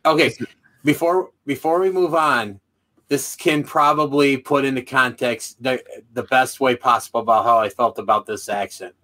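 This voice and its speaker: A man's voice: mid-range voice, moderate pace, sharp tone. Stammering, easygoing podcast guy. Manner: hesitant, stammering, restarts often. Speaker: podcast co-host. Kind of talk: casual wrestling podcast chat.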